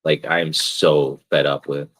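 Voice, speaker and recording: A man streaming live rambles in a loose, profane rant, leaning on "like" between every thought. His voice sits low and sounds husky and breathy. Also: little pitch movement, unhurried, a bit bright, poor audio. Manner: rambling, swears constantly, fills with "like". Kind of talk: casual profane rant while gaming.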